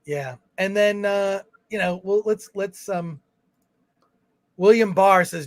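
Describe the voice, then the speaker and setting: A man's voice: sits high, slow pace, long pauses, no room sound. A man co-hosting a film review livestream, reading viewer comments aloud in casual chat with fillers and restarts. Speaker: film review show co-host.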